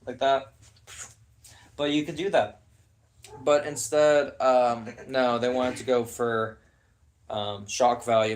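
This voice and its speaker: A man's voice: medium pitch, little pitch movement, slow pace, long pauses. A young man ranting in casual podcast chat, heated, sarcastic and profane.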